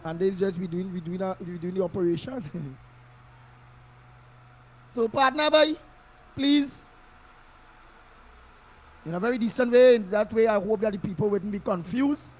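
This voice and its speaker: A man's voice: high-pitched, a little slow, pauses often, darkish tone. A man with a Trinidadian accent giving impassioned political commentary, emphatic and repetitive, in local Creole phrasing, heard through an online call-in mic.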